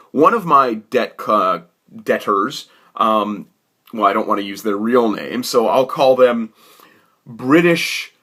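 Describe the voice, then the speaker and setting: Male storyteller, animated and exasperated, bright lively delivery, rambling comic anecdote. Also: lowish voice.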